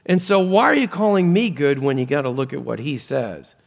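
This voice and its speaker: A man's voice: medium pitch, a little fast, vocal fry. A man preaching a sermon, reading scripture and explaining it with earnest emphasis that rises and falls. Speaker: pastor.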